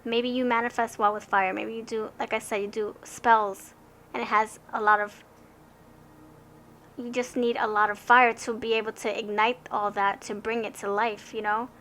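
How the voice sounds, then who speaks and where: A woman's voice: on the high side, little pitch movement, moderate pace, fairly bright tone, a little hiss or hum. A young woman giving a casual tarot card reading, chatty and rambling, who often stammers and restarts her sentences.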